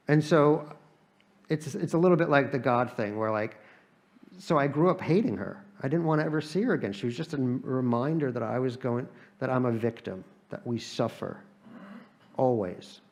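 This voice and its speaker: A gravelly-voiced American man tells stories with a dry, satirical wit. He talks at an ordinary middle pitch and often stumbles and restarts mid-sentence. He is a guest author on stage at a live event. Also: a little slow. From United States. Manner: wry comic storytelling with frequent restarts.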